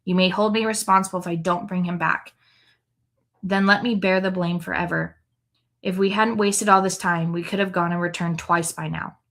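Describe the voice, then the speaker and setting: A woman's voice: fairly low pitch, steady tone, normal speed, a bit bright. A woman reading the lines of a grown son who earnestly pledges to bring his brother back to his father.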